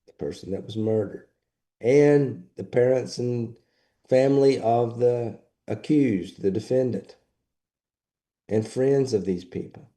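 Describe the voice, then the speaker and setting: A man's voice: fairly low pitch, dark tone. A man teaching a lecture to graduate students, plain and matter-of-fact, repeating his points. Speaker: instructor. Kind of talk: recorded lecture.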